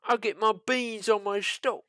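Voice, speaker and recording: A man's voice: high-pitched, steady tone, measured pace, clear, resonant tone, no echo, clean studio sound, pitched above the performer's own voice. A man putting on a cocky bloke. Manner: loud and cocky. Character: brash cheeky British bloke investor.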